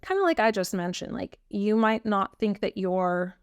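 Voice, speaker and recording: A woman's voice: medium pitch, lively intonation, moderate pace, clean tone, no room sound. Earnest woman podcast host, dry close sound. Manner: earnest, opinionated, with frequent ums. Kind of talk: casual solo podcast talk.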